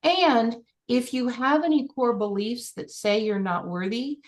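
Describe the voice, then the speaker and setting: A middle-aged woman working as a life coach, guiding a client and acting out scenes with animated excitement. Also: fairly high pitch, unhurried.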